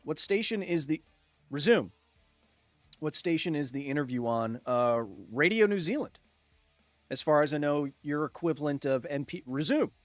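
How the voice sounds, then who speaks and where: A man's voice: on the high side, lively intonation, moderate pace, dry recording, faint music behind. A man hosting a live game stream, chatting casually with viewers, reading out the chat and joking. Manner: chatty, jokey, reads chat aloud and laughs often. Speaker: gaming livestream host.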